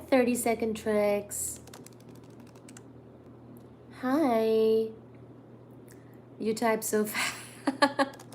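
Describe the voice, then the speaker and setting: A woman from India hosts a casual livestream from home on a laptop mic, chatting with viewers, reading their comments aloud and cooing at her cat. Her voice is mid-range, with a little hiss or hum in the background.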